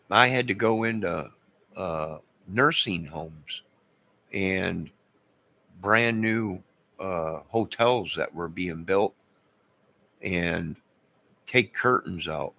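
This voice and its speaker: A man's voice: deep voice, gravelly, pushed and bright. A man in his fifties chatting live with viewers, rambling and losing his train of thought. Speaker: live streamer.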